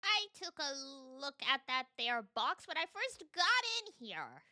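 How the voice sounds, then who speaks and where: A woman's voice: high-pitched, wildly swooping pitch, measured pace, very noisy, heavily acted. A woman voicing a chatty, carefree southern woman with a put-on Southern drawl, playful and folksy, over background music. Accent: put-on American Southern. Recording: music playing behind.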